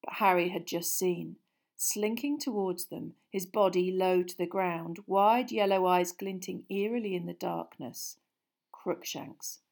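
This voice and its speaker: A woman reading an audiobook chapter in a hushed, suspenseful storytelling manner. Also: fairly low pitch, measured pace, vocal fry. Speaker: audiobook narrator. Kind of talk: scripted narration.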